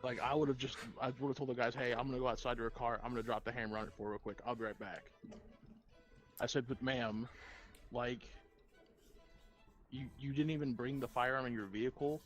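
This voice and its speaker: A man's voice: mid-range voice, steady tone, brisk, long pauses, soft background music, low-quality recording. A man who works at a gun store, chatting casually on a gaming stream and telling a story by acting out both sides with plenty of swearing. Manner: profane, tells anecdotes by acting out both sides.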